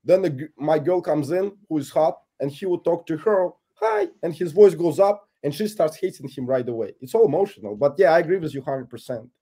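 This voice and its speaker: A man's voice: on the high side, lively intonation, fairly quick, few pauses, mellow. A man guesting on a podcast, a YouTuber speaking bluntly and with strong opinions in casual chat.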